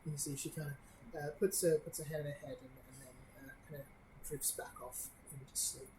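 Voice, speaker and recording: A woman guiding players through a tabletop game as its game master. Her voice sits very low, and she narrates in a halting way. She keeps stopping on fillers as she builds each scene. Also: steady tone, noisy background. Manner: halting, full of "uh" and "you see".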